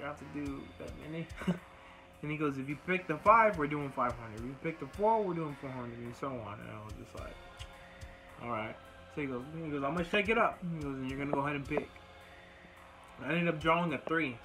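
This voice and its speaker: A man's voice: medium pitch, low-quality recording. A young man telling a long, rambling workout story in casual talk, swearing freely and acting out what was said. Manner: rambling, profane, retells dialogue in quoted bursts. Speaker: vlogger. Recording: music playing clearly behind the voice.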